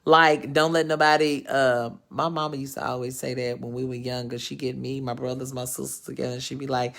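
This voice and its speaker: A woman's voice: extremely low pitch, fairly quick, gravelly, hardly any pauses. Frank, profane woman vlogger in her thirties. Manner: frank and profane, rambling with lively swings in emphasis. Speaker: vlogger hosting her own live show. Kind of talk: casual storytelling to viewers.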